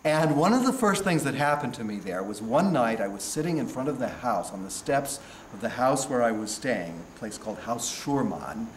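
A man from California with an American accent tells his stories at an easy, reflective pace, circling back and trailing off as he thinks. His voice sits in a middle pitch. The recording carries a roomy echo and a faint background noise. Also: very animated. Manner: unhurried, with frequent restarts and trailing off. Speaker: stage actor being interviewed. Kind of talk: reflective storytelling interview.

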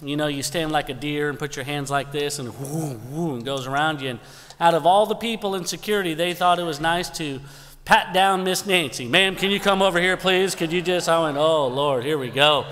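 In a church sanctuary, a man who serves as youth pastor and assistant pastor tells a folksy, joking story and gives announcements from the pulpit. His voice is fairly high-pitched and a bit bright, at a moderate pace, and the hall adds a long reverb.

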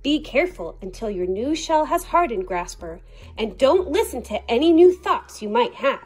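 A group of timid, fearful crabs who warn and plead in high, urgent voices, as a woman reading a storybook puts them on. The pitch swings widely, with a husky edge. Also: big pitch swings, normal speed, a little mellow. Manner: anxious and warning. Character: cautious fearful crowd of crabs.

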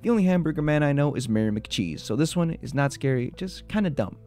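Quick and lively in intonation, a fairly high-voiced man retells urban legends for a video. He mixes spooky storytelling with jokey asides while soft music plays behind his voice.

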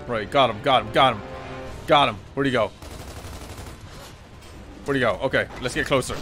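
An Irish man commentating as he plays a shooter game, excitable and swearing freely, often yelling at enemies. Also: medium pitch, normal speed, faint music behind. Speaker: streamer. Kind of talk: gameplay commentary.

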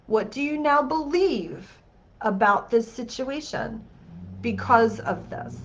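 A woman's voice: medium pitch, fairly bright tone, muffled recording. A woman hosting a healing masterclass. She talks the group through an exercise in an upbeat, chatty way and often checks in with "okay?".

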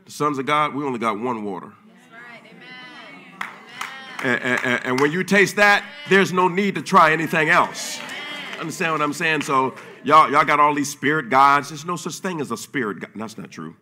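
Pastor, male, bright and forceful; casual slangy sermon, quiet asides then shouting. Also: lively intonation, brisk, slight background noise. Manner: swings from low murmurs to loud shouting. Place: church.

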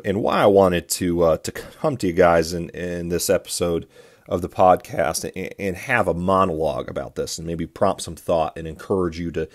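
A man's voice: low-pitched, darkish tone. A man hosting a solo podcast, talking in an earnest, preachy way and often restarting his words. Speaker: podcast host.

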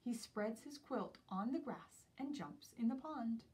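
A woman teacher reading a picture book aloud to young children in an expressive storytelling voice. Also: on the high side, a little slow, distant mic. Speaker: preschool teacher.

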